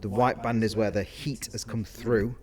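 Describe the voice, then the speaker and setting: A man's voice: on the low side, steady tone, normal speed, a crowd in the background. A man co-hosting a casual podcast as a caterer, explaining things in detail with asides and self-corrections. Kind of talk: casual chat.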